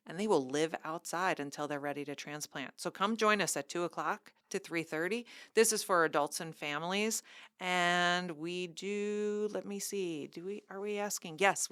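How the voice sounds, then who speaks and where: A woman's voice: low voice, fairly bright tone, clear, resonant tone, no echo, studio quality. A woman co-hosting a library podcast, reading event announcements with bubbly, enthusiastic asides in casual chat.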